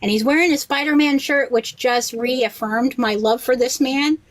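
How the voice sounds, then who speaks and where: Lively woman on a podcast, higher pitch, acts out the voices in her stories, swears a lot. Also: measured pace. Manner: animated storyteller, acts out quoted voices, swears freely. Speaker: rabbi and podcast guest. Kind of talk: casual podcast chat.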